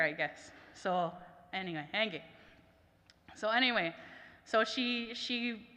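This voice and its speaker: A woman's voice: medium pitch, pushed and bright. A woman language teacher at a summit, telling a chatty personal story full of quoted dialogue. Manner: chatty, lots of "I was like" quotes. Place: conference hall. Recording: reverberant hall.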